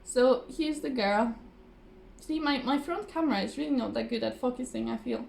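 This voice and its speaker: Chatty woman with a high voice. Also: moderate pace, gravelly, a little mellow. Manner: chatty, rambling, many fillers and restarts; laughs often. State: voice a little tired. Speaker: craft vlogger. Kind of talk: casual chat to camera. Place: home, at a table. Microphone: phone or camera on the table.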